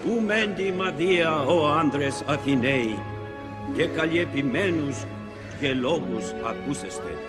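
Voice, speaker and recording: A man's voice: a little high, lively intonation, normal speed, lightly acted. An actor playing an elderly male philosopher who defends himself in court, declaiming a formal speech. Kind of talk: film dialogue. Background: music.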